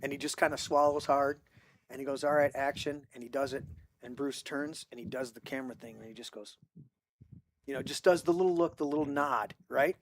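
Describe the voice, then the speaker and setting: A man's voice: mid-range voice, fairly quick, a little hiss or hum. A man hosting a casual movie podcast, rambling through stories with many restarts and acting out quotes. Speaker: podcast host. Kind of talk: casual group chat about movies.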